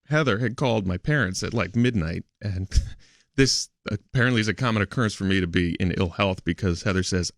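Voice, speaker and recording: A man on a radio show telling a personal story in a halting, hesitant way, laughing often between words. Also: fairly low pitch, no echo, clean studio sound. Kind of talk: emotional radio studio talk. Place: radio studio.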